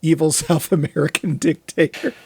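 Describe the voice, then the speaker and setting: A man co-hosting a movie podcast, talking in a casual, rambling way with quick asides. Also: fairly high pitch, steady tone, vocal fry, a little mellow, husky. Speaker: podcast co-host.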